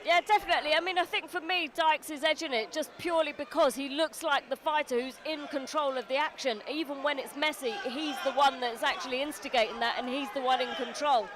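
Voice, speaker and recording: A woman giving quick live commentary on a boxing match. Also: high-pitched, crowd noise. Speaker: boxing pundit. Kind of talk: live fight analysis.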